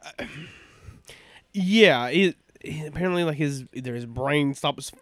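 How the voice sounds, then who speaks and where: A man's voice: on the high side, measured pace, dry recording. A man, co-hosting a casual podcast and chiming in with jokes. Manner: joking, chimes in with quips. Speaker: podcast co-host. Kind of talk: casual chat.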